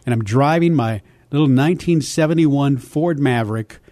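Animated older male voice actor. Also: medium pitch, moderate pace, no echo. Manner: animated, slips into character voices. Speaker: voice actor guest. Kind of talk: storytelling interview.

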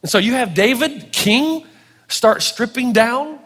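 High-voiced pastor preaching in a hall. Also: male voice, measured pace, a little hiss or hum. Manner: animated, playful preaching with acted-out quotes. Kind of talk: sermon. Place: church hall with audience.

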